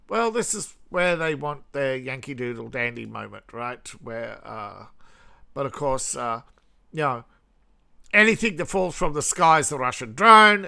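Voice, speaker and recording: A man's voice: on the high side, vocal fry, bright, forceful tone, smooth. An Australian man hosting a casual news commentary vlog, rambling and sarcastic, chuckling at his own jokes. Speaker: host.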